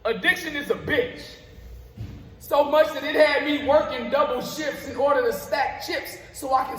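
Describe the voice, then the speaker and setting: A man's voice: very high voice, fairly bright tone, a little hiss or hum. A man performing spoken word poetry live on stage, with a rhythmic, rhyming delivery. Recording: roomy live venue with long reverb.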